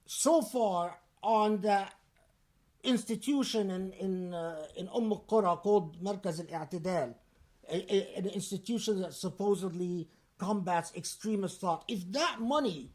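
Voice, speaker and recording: Slow, emphatic male preacher. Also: high-pitched. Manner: deliberate, emphatic, pointed. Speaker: preacher giving a Friday sermon. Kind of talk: sermon.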